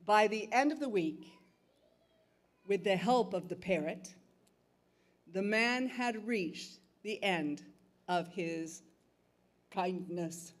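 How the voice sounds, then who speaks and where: A middle-aged woman storyteller telling a folktale live in a museum theater, with dramatic, expressive delivery. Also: medium pitch, slow pace, long pauses. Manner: expressive, dramatic shifts between calm and loud.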